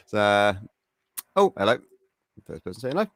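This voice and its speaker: This chatty show host, an Englishman with a West Midlands accent, speaks in a fairly low voice and says "mate" a lot during his laid-back live-stream. The sound is clean studio quality, with no room sound.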